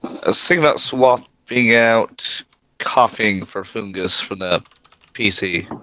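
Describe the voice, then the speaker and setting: A man's voice: on the low side, slow, pushed and bright. A man player in a tabletop game on a call, easygoing and upbeat. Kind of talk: casual play.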